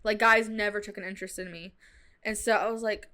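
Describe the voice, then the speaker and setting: A woman's voice: medium pitch, brisk, smooth. A young woman, a podcast host telling a personal story in a casual, chatty way. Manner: chatty, animated retelling with fillers like "like" and "dude".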